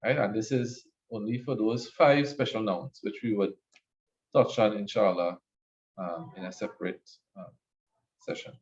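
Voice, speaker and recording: A man's voice: fairly low pitch, fairly even intonation, a little slow, highs cut off. A man teaching an Arabic grammar class, explaining patiently and checking in with "right?" after each point. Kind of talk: online class lecture.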